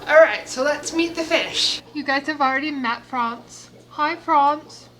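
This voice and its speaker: A woman's voice: high voice, normal speed, a bit bright, rough recording. A woman chatting casually in a home vlog, out of breath and slipping into baby talk with her pets. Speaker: vlogger. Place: home, indoors.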